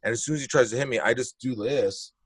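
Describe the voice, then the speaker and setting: Fast and slightly rough, this medium-pitched male voice belongs to a comedian guest spinning a wild tale. He's animated and blunt, cursing freely and acting out each moment, and the audio has no room sound.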